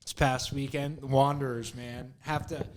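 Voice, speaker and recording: A young man co-hosts a podcast and rambles through stories, swearing freely and saying "like" constantly. His voice sits at an ordinary middle pitch, and a faint hiss runs underneath. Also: normal speed. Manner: animated, profane storytelling full of "like". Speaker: podcast co-host. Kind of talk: casual chat.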